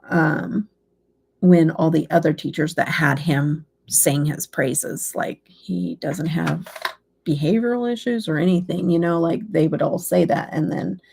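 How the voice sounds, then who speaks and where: A woman's voice: lowish voice, creaky, warm tone, slightly rough. A middle-aged woman chatting casually to her viewers, rambling and emotional as she tells a story about her son. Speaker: beauty channel host. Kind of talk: casual chat.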